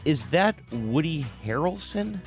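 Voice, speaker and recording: A man co-hosting a talk show, chatting casually in a playful, animated way and laughing often. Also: a little high, unhurried, soft background music. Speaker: co-host. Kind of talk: casual chat.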